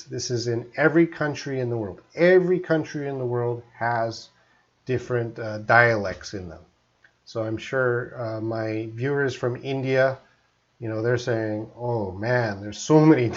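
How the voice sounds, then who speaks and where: A man's voice: mid-range voice, muffled recording. A Canadian man, an English teacher, chatting through a live-streamed lesson and reading out viewer comments.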